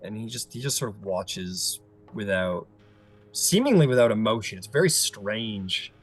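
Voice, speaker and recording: A man running a tabletop game, narrating casually with plenty of fillers. His voice is husky and sits low. He pauses and restarts often. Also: expressive, faint music behind. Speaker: game master.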